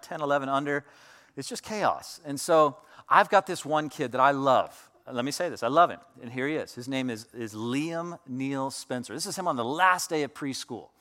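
A man's voice: a little high, pushed and bright. A man in his thirties, a pastor, preaching a sermon in a loose, conversational storytelling way with many fillers.

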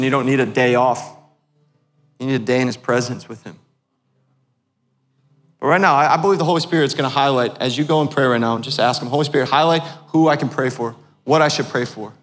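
A man's voice: medium pitch, a bit bright, in a large hall. A man preaching a sermon as pastor, asking the congregation questions as he goes.

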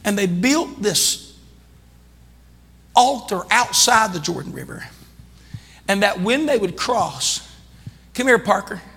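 A male pastor preaches with a bright, forceful edge and a slightly husky grain, calling out to his congregation. His delivery swells into fervent shouting. His voice rings through the long reverb of a church sanctuary. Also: high-pitched, animated, slow, pauses often. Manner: impassioned preaching that builds to shouting; calls out to the congregation. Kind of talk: sermon.

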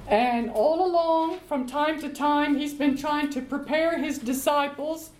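A woman leading a Bible study, reading scripture aloud and explaining it in a slow, deliberate way. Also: sits high, a little mellow, a little hiss or hum. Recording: echoey room.

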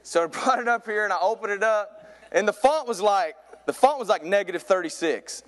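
A man in his thirties preaching a sermon from a church pulpit, telling a comic story and getting louder and higher as it builds. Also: a little fast. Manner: animated storyteller, voice climbs high in excitement. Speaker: youth pastor preaching.

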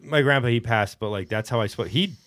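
A man with a Midwestern American accent co-hosting a podcast in casual chat, relaxed, laughing often and trailing off mid-sentence. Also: medium pitch, a little fast, dry recording. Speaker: podcast co-host.

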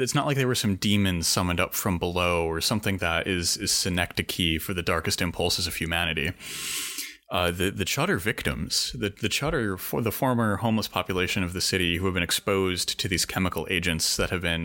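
A man's voice: sits low, bright, forceful tone. A man co-hosting a podcast, riffing in a pompous mock-academic way with lots of restarts. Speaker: podcast co-host.

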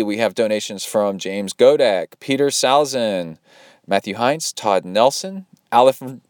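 A fairly low-pitched man with a clean tone, heard in a dry, studio-quality recording. Hosting his podcast, this triathlon coach casually goes through listener donations. He's rambly and upbeat with frequent fillers, even copying the beeps of a watch.

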